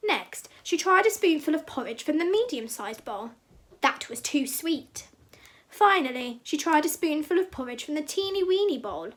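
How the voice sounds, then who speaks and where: A woman teacher reading a fairy tale aloud for children in an expressive, sing-song way. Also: high-pitched.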